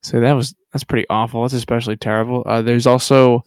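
A man's voice: mid-range voice, little pitch movement, fast, smooth, dry recording. A man co-hosting a podcast in casual chat, cutting in with dry, sarcastic quips. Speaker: podcast co-host.

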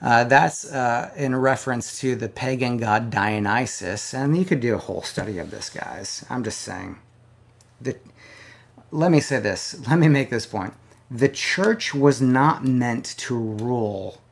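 A man preaching a sermon, moving between quiet conversational asides to his online audience and loud, emphatic declarations. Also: medium pitch, creaky. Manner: conversational, addresses a live-stream audience directly. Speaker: pastor.

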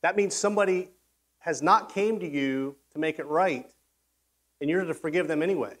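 A man's voice: fairly high pitch, moderate pace, fairly bright tone. Conversational male pastor preaching. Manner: conversational, acts out quoted voices, frequent restarts. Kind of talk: sermon.

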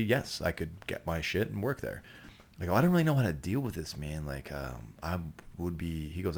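Low-voiced profane man telling stories. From Canada. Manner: profane, rambling, with many restarts. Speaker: podcast guest, actor. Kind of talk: casual storytelling chat.

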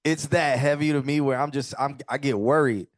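A man's voice: mid-range voice, steady tone, moderate pace, no echo. A man hosting a casual music review podcast, chatty and loose, laughing easily. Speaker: podcast host.

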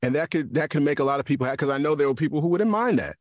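A man's voice: a little high, expressive, rapid-fire, no echo, clean studio sound. A man and podcaster talking in a casual discussion, often repeating words as he thinks. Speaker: podcaster and guest.

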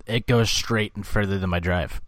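A man's voice: lowish voice, steady tone, normal speed, fairly bright tone. A man co-hosting a casual podcast, cursing freely and quoting movie lines. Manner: swears a lot, quotes movie lines. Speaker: podcast co-host. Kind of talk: casual chat.

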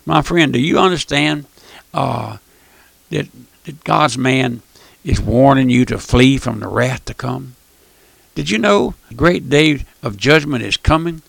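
A man's creaky, medium-pitched voice comes through a little slowly, with no room sound. He's delivering a fervent fire-and-brimstone radio sermon, repeating phrases often and addressing the listener as "my friend."

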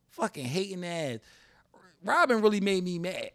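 A young man hosting a casual podcast, telling stories in an animated, profane, joking way. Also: high-pitched, moderate pace, no room sound, clean studio sound. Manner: animated, profane, jokey storytelling. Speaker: podcast host.

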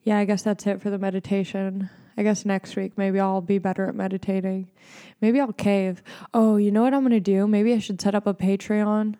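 A young woman hosts a podcast, rambling in a loose, sarcastic way. Her jokes land deadpan. Her voice has a warm, mellow darkness to it. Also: mid-range voice, a little fast. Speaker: podcast host. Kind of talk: casual comedic monologue.

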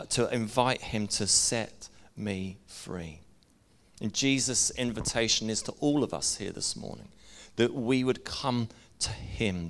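A middle-aged man, preaching a sermon in an earnest, conversational way and sharing personal stories. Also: fairly low pitch. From Northern Ireland. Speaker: pastor.

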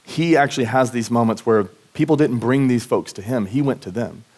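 A man's voice: medium pitch, a little fast, darkish tone. Casual sounding male pastor preaching. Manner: casual and earnest, frequent "like" and restarts. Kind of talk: conversational sermon with personal stories. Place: church service.

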